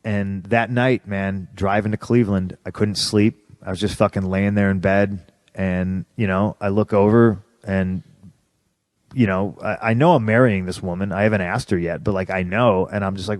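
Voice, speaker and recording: A man in his thirties telling blunt, profane stories as a podcast guest, turning loud and animated when he recalls his anger. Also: lowish voice, moderate pace, no room sound. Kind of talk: candid storytelling in an interview.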